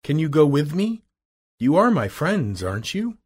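A man's voice: on the high side, sing-song, normal speed, darkish tone, slightly rough, pitched above the performer's own voice. Man putting on a young girl's pleading voice. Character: young girl, lost and pleading.

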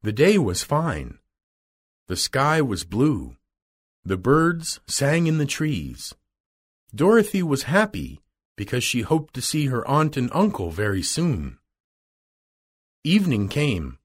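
A man reads a simple storybook aloud for learners. His pitch rises and falls in wide, sing-song arcs. The pace is very slow and the tone is slightly husky. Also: wildly swooping pitch. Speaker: narrator. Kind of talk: storybook reading.

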